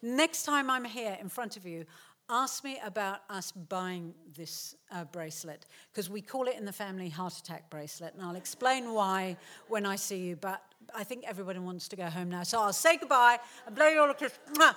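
A middle-aged woman telling a funny story to a live theatre audience, animated and laughing, acting out the people in it. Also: medium pitch, moderate pace. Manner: animated, laughing, acts out quotes. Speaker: author giving a talk. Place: theatre stage.

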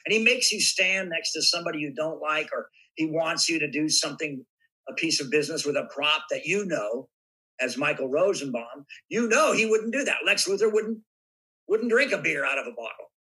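An older man from Southern California tells stories as a podcast guest, lively and given to acting out bits of dialogue. His voice is very bright and forward, with a husky edge. He sits a little above the usual male pitch. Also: moderate pace, poor audio. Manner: animated anecdotes with acted-out voices. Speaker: guest actor. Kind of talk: podcast interview storytelling.

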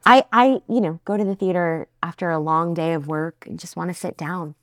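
Chatty New woman, lowish voice. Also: a little fast, no echo, studio quality. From New Jersey. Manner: chatty, enthusiastic, many fillers. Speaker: podcast co-host. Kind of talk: casual chat.

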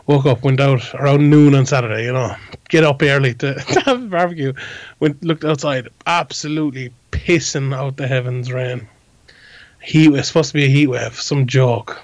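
A man's voice: medium pitch, fairly even intonation, a little fast, no echo. A man co-hosting a podcast, talking bluntly and rambling, swearing freely. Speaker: podcast co-host. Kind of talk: casual podcast chat.

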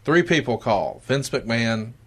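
Lively man hosting a podcast. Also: mid-range voice, unhurried, slightly rough. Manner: animated, laughs often, reacts with enthusiasm. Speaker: podcast host. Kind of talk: reading aloud and casual chat.

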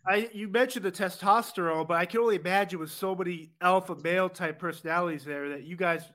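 A man's voice: sits high, fast, pushed and bright. A man hosting an interview, asking eager, rambling questions. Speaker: interviewer host.

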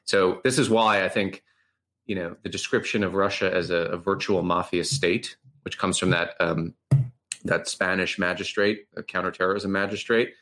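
A man's voice: low-pitched, fairly even intonation, moderate pace, a bit bright. A man speaking as a journalist guest in a casual interview, talking discursively with restarts and fillers.

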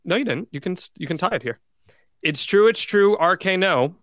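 A man's voice: high-pitched, expressive, normal speed, a bit bright, no echo, clean studio sound. A man hosting a casual podcast chat, running its segments in an upbeat, game-show way. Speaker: podcast host.

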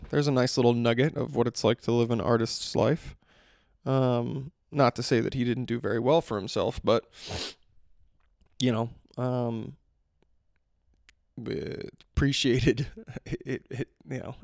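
A man's voice: mid-range voice, darkish tone, dry recording, clean studio sound. A man hosting a solo podcast, rambling casually with profanity and frequent self-interruptions. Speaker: podcast host.

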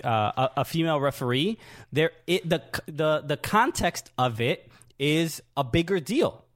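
Halting, earnest podcast co-host man. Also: on the high side, expressive. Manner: halting, many restarts, earnest. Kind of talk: casual comedic chat.

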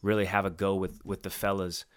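Jokey low-voiced man co-hosting sports talk. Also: flat delivery, a little fast. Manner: jokey, laid-back banter. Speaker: sports show co-host. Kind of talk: casual sports chat.

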